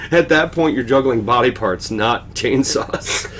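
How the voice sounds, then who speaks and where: A man hosting a casual podcast chat, laughing often and acting out movie scenes in lively voices. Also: medium pitch, unhurried. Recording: faint background noise.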